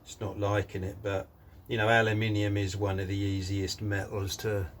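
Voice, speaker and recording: A man's voice: fairly low pitch, little pitch movement, moderate pace, slight background noise. A man talking casually through a guitar build in his workshop, rambling with lots of fillers. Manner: rambling, many fillers and "sort of thing".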